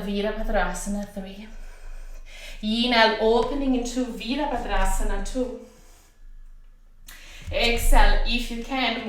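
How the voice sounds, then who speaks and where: A woman teaching a yoga class, calmly cueing each breath and pose in an encouraging way. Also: medium pitch, roomy sound. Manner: calm breath-paced cueing, slow and encouraging. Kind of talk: guided yoga class instruction. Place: home room.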